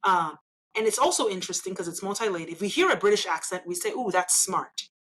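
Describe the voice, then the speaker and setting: A woman's voice: medium pitch, animated, fast, fairly bright tone, a little hiss or hum, low-quality recording. A woman from Nigeria, speaking as an interview guest. She argues emphatically and persuasively, often tagging her points with "right?". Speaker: interview guest, engineer and elected official. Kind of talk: conversational interview.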